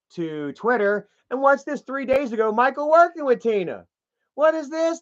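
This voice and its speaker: A man's voice: sits high, bright, forceful tone. A man giving profane, heated commentary to his viewers, ranting as he browses online pages. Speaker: commentary vlogger. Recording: dull lo-fi sound.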